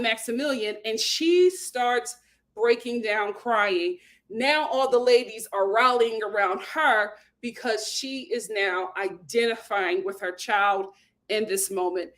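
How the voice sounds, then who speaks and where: A high-pitched woman hosts a casual reality TV recap chat. She retells the drama with energy, playing out everyone's lines and breaking into laughter. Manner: animated storyteller, acts out quotes, laughs often. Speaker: host.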